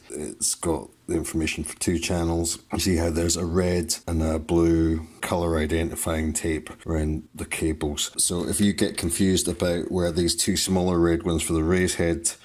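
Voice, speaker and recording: A man's voice: low voice, darkish tone. A man hosting a hands-on repair tutorial, talking in clipped, terse step-by-step phrases. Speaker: host of a repair tutorial channel.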